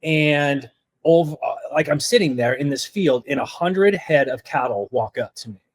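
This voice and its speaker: A man's voice: fairly high pitch, moderate pace, no echo. A middle-aged man earnestly recounting a personal story as a podcast guest, full of "like" fillers. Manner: earnest, heavy use of "like" fillers.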